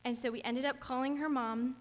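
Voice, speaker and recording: A woman's voice: high voice, fairly even intonation, a little fast. A young woman, a camp counselor, earnestly and chattily sharing a personal testimony in church. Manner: earnest, chatty, gets teary. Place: church sanctuary. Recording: church hall reverb.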